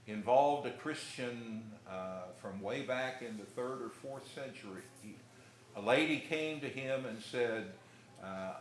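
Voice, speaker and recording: A middle-aged man preaching a sermon in a church, telling folksy stories with pauses and restarts. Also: mid-range voice. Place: church hall. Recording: echoey room with faint noise.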